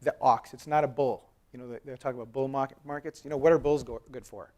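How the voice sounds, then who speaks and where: A man's voice: mid-range voice, fast. A man in his thirties giving a live conference presentation, conversational and storytelling, joking with the audience. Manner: animated storytelling, acts out quoted dialogue. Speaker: conference speaker. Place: conference hall.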